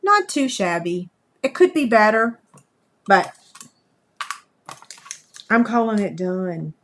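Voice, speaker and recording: A woman's voice: medium pitch, sing-song, slow, a bit bright, a little hiss or hum. A woman, hosting a live craft demonstration, chatting folksily with viewers as she works. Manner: chatty, folksy, talks to viewers while working. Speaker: crafting livestream host.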